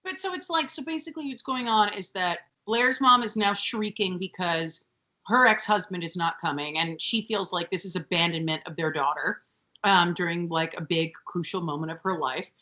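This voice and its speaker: A woman co-hosting a casual TV recap podcast, animated and sweary, often mimicking characters. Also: fairly low pitch, normal speed. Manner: animated, sweary, mocking voices. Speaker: podcast co-host.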